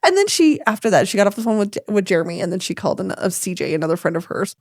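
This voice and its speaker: She talks very fast, and the recording is dry with clean studio quality. As a podcast co-host in her forties, she spins a story in relaxed conversation, bringing the quotes to life with big, animated jumps in pitch.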